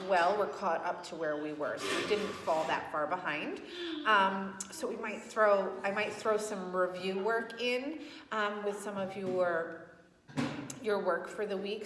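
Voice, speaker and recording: A woman preschool teacher reading a picture book aloud to young children, gentle and encouraging, at home. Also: mid-range voice. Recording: echoey room with faint background noise.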